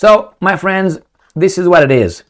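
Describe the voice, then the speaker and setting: A man's voice: high voice, expressive, a little slow. A man giving casual, rambling political commentary on his channel, sarcastic and swearing freely.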